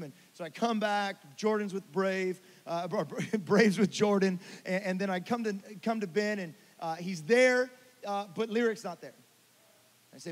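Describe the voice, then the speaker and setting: A man preaching a sermon, telling a story and swinging from hushed asides to loud, urgent passages. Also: high-pitched, moderate pace, long reverb tail. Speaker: pastor.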